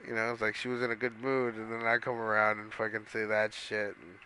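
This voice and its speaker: A man's voice: on the low side, little pitch movement, brisk, bright, forceful tone, slight background noise, poor audio. A man casually telling a long story while playing a video game, rambling with lots of swearing and fillers. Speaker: gaming streamer.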